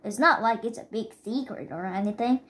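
A woman's voice: on the high side, brisk, fairly bright tone, close to an everyday voice. A woman reading the lines of a flustered, exasperated middle-aged father in a storybook.

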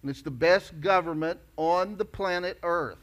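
Emphatic preacher man. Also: moderate pace. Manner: emphatic, rises to loud declarations then drops low. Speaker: pastor. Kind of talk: sermon.

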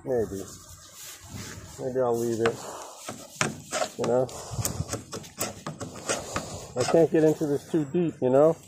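Slow-talking grumbling man, profane. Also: medium pitch. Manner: grumbling, profane, rambling asides to viewers. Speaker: boat repair worker. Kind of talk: casual work vlog. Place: outdoors at a boat under repair. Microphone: handheld camera held in one hand. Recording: clear outdoor background noise.

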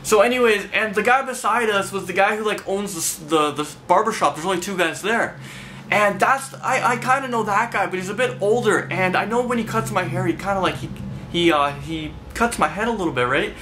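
A man's voice: sits high, a little fast, bright, forceful tone, a little hiss or hum. A man vlogging an angry, profane, rambling rant straight to the camera. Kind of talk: ranting storytelling to camera.

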